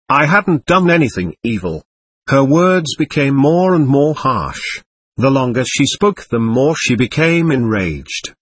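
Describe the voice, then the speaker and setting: A man reading a first-person memoir aloud in a plain, measured storytelling manner. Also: mid-range voice, slightly rough.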